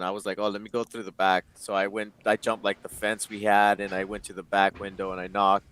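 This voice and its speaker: A man's voice: lowish voice, fairly bright tone, clean tone, no room sound. Candid man in his late twenties. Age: late 20s. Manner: emotional, swears freely, acts out quoted dialogue. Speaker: interview guest. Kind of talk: candid personal storytelling.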